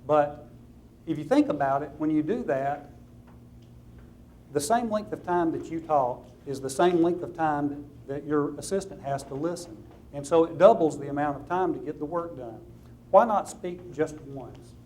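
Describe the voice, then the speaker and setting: A man's voice: fairly high pitch, moderate pace, a little mellow. Southern male attorney presenting at a seminar; easygoing, practical, light faint hiss. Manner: conversational, practical, with light anecdotes. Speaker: attorney giving a seminar talk. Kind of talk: conference presentation to lawyers.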